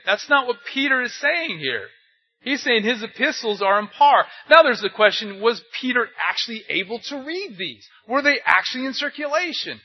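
A man's voice: very high-pitched, slightly rough. An older man preaching as a pastor in a conversational way, asking rhetorical questions and telling anecdotes. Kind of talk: conversational sermon. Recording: dull lo-fi recording.

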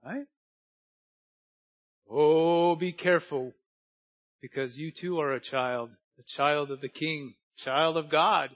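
Earnest preacher guy, goes soft then loud, dry close sound. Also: on the high side, steady tone, measured pace, no room sound. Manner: earnest, swings from hushed to emphatic. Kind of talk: sermon. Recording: dull lo-fi dry recording.

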